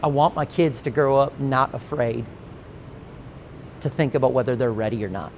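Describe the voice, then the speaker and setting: A man in his forties, a pastor teaching a conference session, telling stories with lively acted-out quotes and frequent laughter. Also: medium pitch, moderate pace, slight background noise. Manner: animated storytelling, acts out quoted voices, laughs often.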